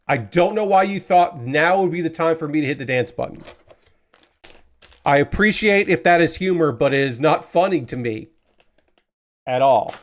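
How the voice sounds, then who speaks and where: A man live-streaming while he builds model kits, talking casually and rambling, with lots of fillers and some swearing. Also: mid-range voice. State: frustrated.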